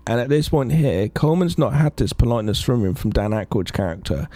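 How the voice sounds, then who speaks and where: A man chatting on a podcast, his pitch leaping high and dropping low as he acts out film moments. His voice is dry and close, with no room sound behind it. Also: brisk, dry recording. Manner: animated retelling with voices of film characters. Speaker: podcast co-host. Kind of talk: casual film discussion.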